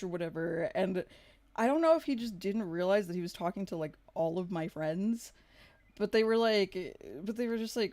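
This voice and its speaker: A woman's voice: mid-range voice, very animated, normal speed, long pauses, darkish tone. A young woman vlogger casually telling a story, rambling with lots of "like", swearing freely and laughing along. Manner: chatty, laughs through the story.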